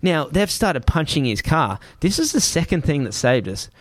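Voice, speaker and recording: A man's voice: a little high, big pitch swings, moderate pace, dry recording. A young man casually recounting a story as a guest, swearing heavily and restarting phrases as he goes. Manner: heavy swearing, vivid re-telling with restarts. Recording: dry close sound.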